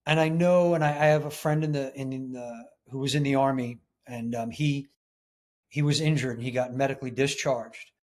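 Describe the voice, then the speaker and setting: A man's voice: medium pitch, fairly even intonation, moderate pace, darkish tone. A man speaking as a guest in an interview, in an earnest, emphatic way. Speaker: podcast guest. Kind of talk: casual interview chat.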